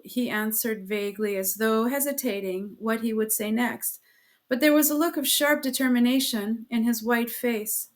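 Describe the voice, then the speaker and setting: A woman narrating a classic novel as an audiobook reader, expressive, giving the quoted lines their own voices. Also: on the high side, normal speed. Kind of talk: scripted narration.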